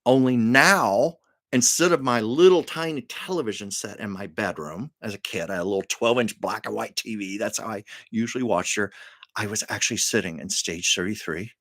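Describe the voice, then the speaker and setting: An older man hosts his own live stream and tells personal stories in an earnest, emotional way, often stopping and starting his sentences. His voice sits on the low side. The sound is dry and close, with no room around it. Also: moderate pace, fairly bright tone, dry recording. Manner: emotional, earnest storyteller with many restarts. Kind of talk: casual storytelling on a live stream.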